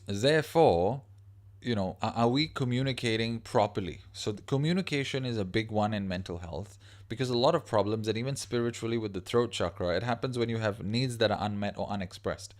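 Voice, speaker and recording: A man's voice: on the low side, fairly quick. A man hosting a livestream, talking casually and rambling, reading viewer comments aloud as he goes. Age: adult parent of a young child. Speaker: livestream host.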